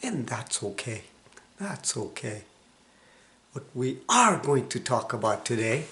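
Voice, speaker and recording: A man in his sixties with a cold-roughened, hoarse voice, giving an emphatic motivational self-help talk that sometimes drops to a hushed whisper. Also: medium pitch, big pitch swings, takes it slowly, pauses often. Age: 60s. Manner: emphatic preaching, dropping to a hushed whisper for stress. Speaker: motivational vlogger.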